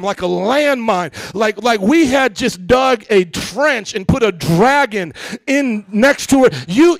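A pastor in his thirties preaching a sermon, telling a story in casual slang and acting out the voices with loud outbursts. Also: very high-pitched, no echo. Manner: animated, acts out quotes with shouts; casual slangy church talk.

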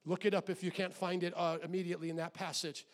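A middle-aged man with a notably high voice preaches a sermon in a church. He drops to a hushed, low delivery and then builds to loud, shouted exhortation. He questions the congregation directly. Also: level tone, quick pace. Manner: acts out quoted voices, asks the congregation questions. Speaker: pastor.

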